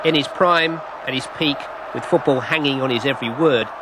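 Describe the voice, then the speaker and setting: A male narrator reads documentary lines in a measured, dramatic delivery. His voice sits at an ordinary mid pitch over a faint hiss. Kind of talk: scripted narration.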